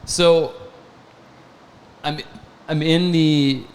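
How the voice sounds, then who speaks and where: A man's voice: fairly high pitch, steady tone, very slow. A man co-hosting a casual podcast, who laughs often while he tells stories. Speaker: podcast co-host. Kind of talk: casual chat.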